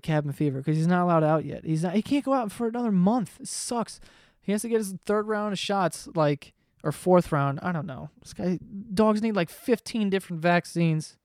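A man's voice: on the high side, a little mellow, no room sound, studio quality. A man in his twenties ranting casually to camera at home, profane and rambling. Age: 20s. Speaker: vlogger. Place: home room below living room.

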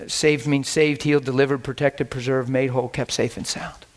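A man preaching a sermon, telling animated stories and acting out scenes, breaking into laughter, shouts and whispers. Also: medium pitch, moderate pace. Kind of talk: storytelling sermon.

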